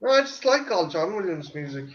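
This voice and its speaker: A man's voice: high voice, very animated, fairly quick, muffled recording. A man from Ireland with an Irish accent in casual chat as co-host, swearing freely and stumbling over restarts. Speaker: podcast co-host.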